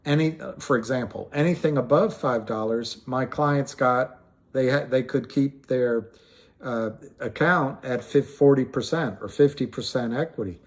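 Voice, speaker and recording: A man's voice: medium pitch, measured pace. A man hosting a casual livestream, rambling with frequent restarts and trailing thoughts, and greeting viewers by name as he answers them. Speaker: livestream host.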